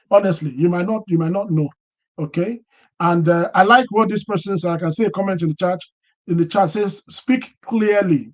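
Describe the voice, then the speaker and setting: A man with a high, light voice talks loosely to viewers of his live stream, giving career advice. He often repeats words and circles back mid-sentence while answering chat. The sound is dull and lo-fi, like basic stream audio. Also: darkish tone. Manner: chatty, repeats and restarts words, reads chat comments aloud. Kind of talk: live-stream talk to an online audience.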